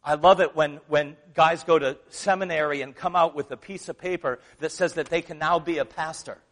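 Guy pastor preaching, kinda high voice, chatty then punchy, big reverb in the church. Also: steady tone, normal speed, a bit bright. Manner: conversational preaching, rising to emphatic scripture reading. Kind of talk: sermon. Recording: long reverb of a church hall.

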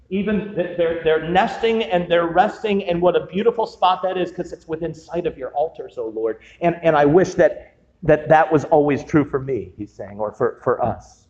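Humorous pastor in an echoey hall. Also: male voice, on the high side, normal speed, a little mellow. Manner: humorous, conversational preaching with asides. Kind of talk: sermon. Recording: dull, echoey hall sound.

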